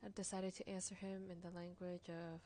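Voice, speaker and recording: A woman streamer reading a story game aloud in a relaxed way, sometimes dropping into a hush. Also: on the low side, normal speed, a little hiss or hum.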